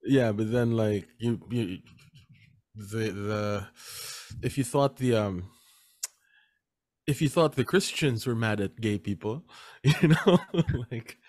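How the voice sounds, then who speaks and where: A man's voice: on the low side, slow, long pauses, darkish tone. A man co-hosting a casual panel podcast, talking hesitantly with lots of fillers and restarts. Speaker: podcast co-host.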